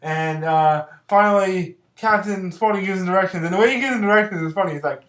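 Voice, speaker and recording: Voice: medium pitch, fairly quick, hardly any pauses, fairly bright tone, echoey room. A casual vlogger rambling through a film plot recap with lots of fillers and giggles. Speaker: vlogger reviewing films.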